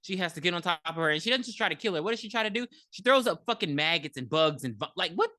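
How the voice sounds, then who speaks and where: A woman's voice: lowish voice, quick pace, no room sound, clean studio sound. A woman co-hosting a podcast, recapping a movie in casual, profane chat and acting out the characters' lines. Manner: animated, profane, acts out characters in quotes. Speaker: podcast co-host.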